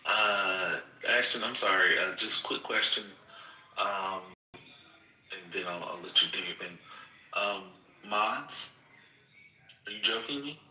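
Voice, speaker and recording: Give me a low, hesitant, apologetic man heard from across an echoey room. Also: slow pace, long pauses, sharp tone, far from the mic. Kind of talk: casual chat.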